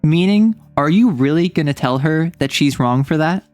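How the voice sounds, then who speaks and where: A woman's voice: deep voice, animated, normal speed, darkish tone, soft background music. A young adult woman streaming a game, chatting casually and joking with mock indignation.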